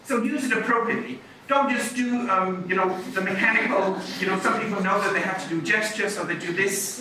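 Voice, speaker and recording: A middle-aged man, a university lecturer, talking lively and chatty about public speaking, moving around as he talks. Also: sits high, a little hiss or hum. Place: lecture hall. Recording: echoey hall, mic from far off.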